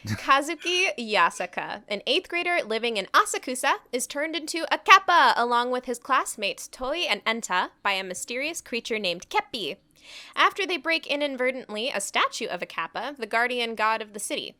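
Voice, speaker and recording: Woman, bright voice, casual podcast chat, reads aloud with wry comments. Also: a little high, no room sound. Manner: giggly, reads aloud and comments wryly as she goes. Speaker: podcast co-host.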